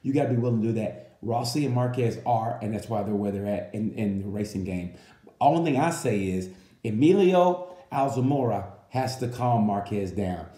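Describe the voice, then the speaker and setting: A man's voice: on the low side, moderate pace, echoey room. Rambling man in a comedy race review. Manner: animated, rambling, with restarts and asides. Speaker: comedian reviewing motorcycle races. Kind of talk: casual comedic monologue.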